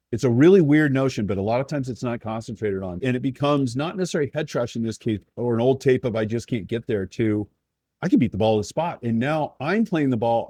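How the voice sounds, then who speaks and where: A man's voice: mid-range voice, dark tone, slightly rough, no room sound. A man, a guest coach, giving earnest coaching advice in a podcast conversation and acting out players' and coaches' lines.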